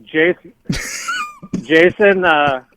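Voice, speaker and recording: A man calling in to a live show, recapping in a deadpan, halting way with many fillers. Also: a little high, dull audio, slight background noise. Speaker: caller. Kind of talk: casual call-in recap.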